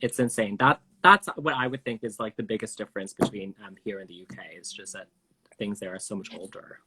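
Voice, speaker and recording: A man's voice: lowish voice, fairly even intonation, brisk, very noisy. A man hosting a casual live stream chat, talkative, full of fillers, laughing easily. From Canada. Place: home, video live stream.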